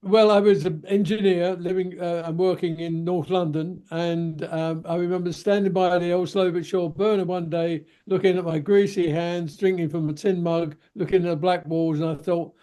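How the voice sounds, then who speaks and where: A man's voice: high voice, steady tone, moderate pace, few pauses, warm tone. An older man with a Cockney accent, a veteran stuntman telling a rambling personal story on a video call and acting out the people he quotes. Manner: rambling yarn-spinner, acts out the people he quotes. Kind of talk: anecdotal storytelling.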